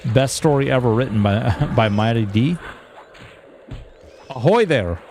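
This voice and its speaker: A man's voice: medium pitch, normal speed, a little mellow, faint music behind. A man streaming a game in casual chat, reading viewer messages aloud and talking freely with lots of fillers.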